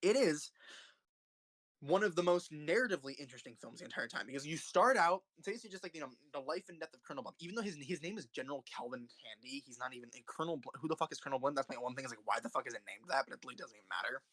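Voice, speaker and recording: Young male host, fast and heated, raving and cursing over favorite films; dry, close recording. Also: fairly high pitch, animated, a bit bright, no room sound. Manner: rambling, passionate, swears often. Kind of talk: casual film commentary.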